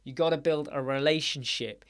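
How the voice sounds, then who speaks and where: A man's voice: moderate pace, fairly bright tone. Chatty, blunt man hosting a live chat. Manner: chatty and blunt, mimics people in a higher voice. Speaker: live-stream host answering chat questions. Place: home studio.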